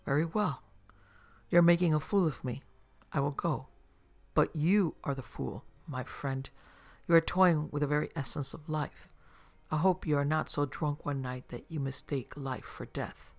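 A proud, easily offended middle-aged mystic, voiced by a man reading a story. He speaks gravely and formally, every word measured, with a gravelly creak in the voice. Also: on the high side. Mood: cold.

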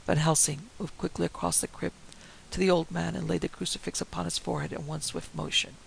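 Man, story narrator, theatrical, gravelly, slightly high voice. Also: level tone, a little fast, rough recording. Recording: faint hiss.

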